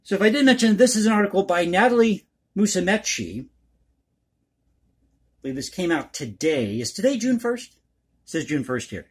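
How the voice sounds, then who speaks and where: A man's voice: sits high, very animated, moderate pace, long pauses, breathy edge. A man hosting a one-take commentary vlog, talking in a rambling, folksy, conspiratorial way and calling his viewers folks. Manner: conspiratorial, opinionated. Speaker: political commentary YouTuber.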